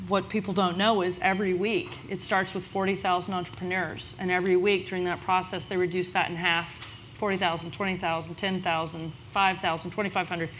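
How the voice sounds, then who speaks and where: A woman speaking on a conference panel about her business, telling the story in a lively, chatty way. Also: a little hiss or hum. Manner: lively storyteller, quotes others with big pitch jumps.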